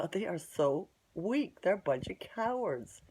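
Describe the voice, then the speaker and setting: A woman's voice: on the low side, sing-song, slow pace, a little mellow, slightly rough. A woman telling a long story in a casual, rambling way, bluntly scornful and tagging her sentences with "right?". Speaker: vlogger.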